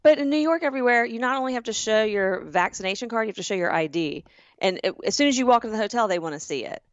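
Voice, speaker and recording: A woman with a Southern US accent, co-hosting a podcast and telling a story in an animated way, acting out the voices. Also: a little high, fast, no echo, dull audio. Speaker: podcast co-host. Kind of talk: casual chat.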